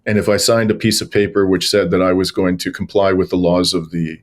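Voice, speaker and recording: Male interview guest, low voice, chatty anecdotes with frequent uhs and restarts. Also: flat delivery, fairly quick. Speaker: guest journalist and lawyer. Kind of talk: conversational interview storytelling.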